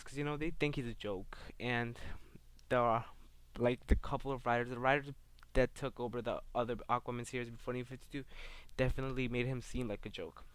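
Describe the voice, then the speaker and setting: A man's voice: medium pitch, steady tone, fairly quick, clear, resonant tone. A man giving a casual comic book review on his channel, rambling and filling gaps with "um" and "like". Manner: rambling, heavy on fillers like "um" and "like".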